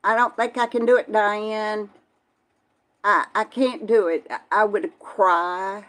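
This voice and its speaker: A woman's voice: medium pitch, steady tone, slow, a bit bright. An older woman, chatting casually on a live stream and answering viewers by name in a folksy way. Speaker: vlog host reading live chat.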